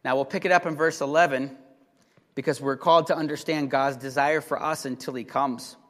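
A pastor preaching a sermon with emphatic delivery that rises to loud, urgent exhortation. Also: male voice, medium pitch, steady tone, fairly quick, long reverb tail.

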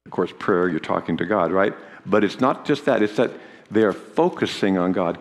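A man's voice: low-pitched, normal speed, big-room sound. A man preaching a sermon in an earnest teaching manner, his voice rising in volume on key phrases.

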